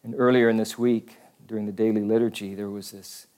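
Low-voiced priest telling jokes in a homily. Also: male voice, little pitch movement, warm tone. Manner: conversational storytelling with pauses.

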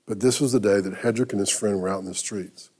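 A male pastor delivers a sermon through a personal story. His voice is mellow and warm, and he talks conversationally, often pausing and restarting his sentences. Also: on the low side.

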